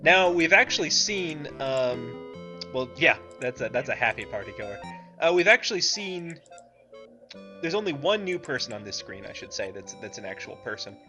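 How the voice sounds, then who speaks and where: A man talks through an old adventure game in a bright, lively voice that rises and falls a lot. He is wry and chatty, pausing on fillers as he explains things. Faint game music plays underneath. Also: medium pitch. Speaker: let's play co-host. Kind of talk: casual gameplay commentary.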